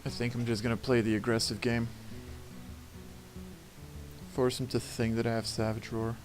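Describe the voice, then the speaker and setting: At a moderate pace, a man with a flat, medium-pitched voice plays a card game to background game music. His casual commentary mixes thinking aloud about moves with grumbling and swearing at setbacks.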